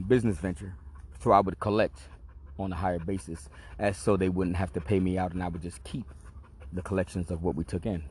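Deep-voiced man telling a street story. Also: a little mellow, slight background noise. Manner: laid-back, streetwise, profane storytelling. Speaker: podcast host. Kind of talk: casual storytelling monologue.

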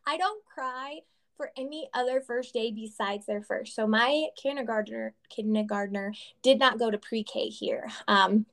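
Mom cohost, kinda high voice, laughs a lot, does her family's voices. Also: a little slow, creaky. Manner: animated, laughs often, acts out family members' voices. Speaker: podcast co-host, mother. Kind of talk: casual chat.

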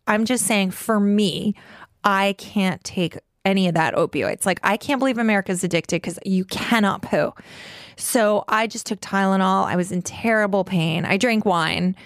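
A woman in her forties from New York with a gravelly, fry-edged voice. She talks bluntly and swears freely, telling her story in quick run-on bursts packed with "like". The sound is close and dry. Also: mid-range voice, no room sound. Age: 40s. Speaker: guest. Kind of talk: candid personal storytelling in conversation.

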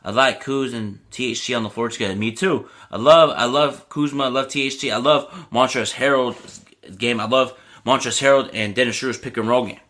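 A young man hosts a casual sports podcast in a bright, forward voice. He talks loosely, ranting and getting worked up, and leans on filler like "you know what I mean". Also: medium pitch, steady tone, brisk.

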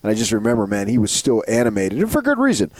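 A man's voice: fairly low pitch, wildly swooping pitch, fast talker, no echo. A man co-hosting a sports radio show, chatting casually and enthusiastically, rambling and repeating himself.

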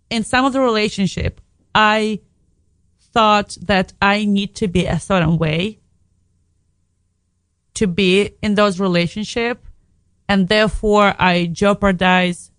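A woman's voice: medium pitch, fairly bright tone, no echo. Frank woman telling a story. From Belarus. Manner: frank, emotional, swears casually, restarts sentences. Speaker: radio guest. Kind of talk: candid personal storytelling.

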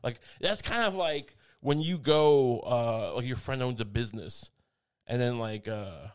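A man's voice: medium pitch, animated, a little slow, smooth. A man in casual comedic conversation, rambling through half-finished thoughts and laughing at himself. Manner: rambling, self-mocking, lots of restarts.

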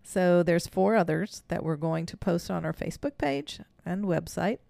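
A woman's voice: fairly low pitch, normal speed, creaky, no echo. A woman co-hosting a podcast, telling a story in casual chat, laughing often and acting out what people said. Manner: animated storyteller, laughs often, acts out quotes. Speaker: podcast co-host.

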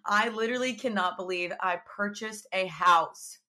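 Woman, twenties, podcast host, bright voice, chatty, animated storytelling. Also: mid-range voice, moderate pace. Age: 20s. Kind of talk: casual chat. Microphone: podcast microphone.

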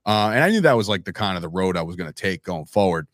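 A man in his thirties talks casually on a podcast, telling stories with animation and slipping into quoted voices. His voice sits low. The sound is close and dry. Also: expressive, fast, a bit bright, dry recording. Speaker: podcast guest, wrestling commentator.

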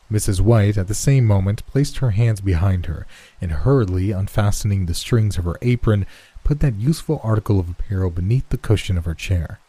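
A man narrating a horror story in a slow, somber storytelling manner. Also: deep voice, dark tone, no room sound. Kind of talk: scripted horror story reading.

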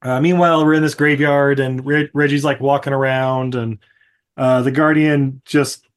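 A man's voice: medium pitch, fairly even intonation, normal speed. A man co-hosting a podcast, casually recapping a movie with frequent laughs and acted-out bits. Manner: rambling, laughs often, acts out scenes. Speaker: podcast co-host.

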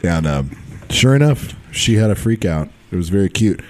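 Male co-host, low and lively, animated storyteller who acts out the dialogue. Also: normal speed, slight background noise. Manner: animated, acts out the people in his stories. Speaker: podcast co-host and musician. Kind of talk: casual storytelling.

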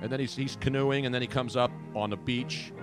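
A man's voice: medium pitch, fairly quick, over music. A man hosting a comedic talk show, rambling through stories in casual chat. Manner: rambling, animated storytelling. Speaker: radio talk show host.

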